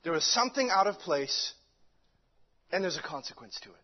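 A man's voice: high voice, animated, a little fast. A man preaching a sermon with fervent delivery, stumbling over restarts and many fillers. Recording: dull lo-fi recording.

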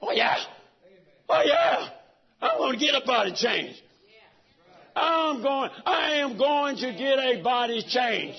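Middle-aged preacher, very high raspy voice, dull lo-fi church recording. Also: male voice, lively intonation, unhurried. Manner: preaches fervently, swinging from soft talk to shouts. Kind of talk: sermon. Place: church sanctuary.

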